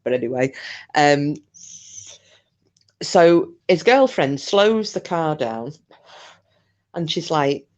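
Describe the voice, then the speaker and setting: A woman's voice: sits low, big pitch swings, slow, long pauses, muffled recording. A woman, casually telling a ghost story in a chatty, rambling way, with swearing and restarts. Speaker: channel host.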